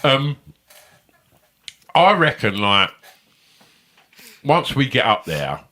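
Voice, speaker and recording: A man's voice: medium pitch, sing-song, drawn-out words, bright, forceful tone. A middle-aged man, co-hosting a comedy podcast, telling rambling, sweary stories and laughing often. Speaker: podcast co-host. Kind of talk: casual chat.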